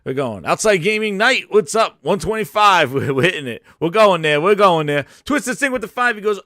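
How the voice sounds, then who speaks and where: A man hosting a casual live stream, hyped and shouting out viewers, his voice hoarse after a long day. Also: fairly high pitch, animated, normal speed, no room sound, studio quality. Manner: hyped, shouts out chat names.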